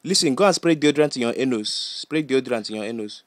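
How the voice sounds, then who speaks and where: A man playing a bossy, scolding Nigerian uncle who fires off rapid, repetitive insults in comic banter. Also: mid-range voice, natural voice. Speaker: comedy character.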